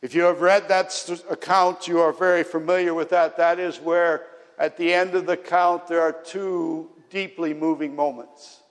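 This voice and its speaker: Male pastor, slightly raised pitch, earnest sermon delivery with emphatic builds, long reverb. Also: flat delivery, normal speed.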